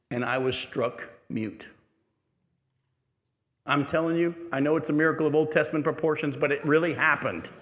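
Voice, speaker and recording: A man's voice: fairly high pitch, fairly bright tone. A middle-aged pastor preaching a sermon in a church, telling a story earnestly and pressing his points with emphasis. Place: church sanctuary. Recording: echoey church hall.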